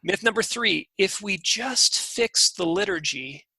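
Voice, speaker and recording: A man's voice: high voice, expressive, measured pace, bright, forceful tone, breathy edge, dry recording, rough recording. A man co-hosting a podcast, talking about faith in an earnest, eager way and often restarting his sentences. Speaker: podcast co-host. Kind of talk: casual faith discussion.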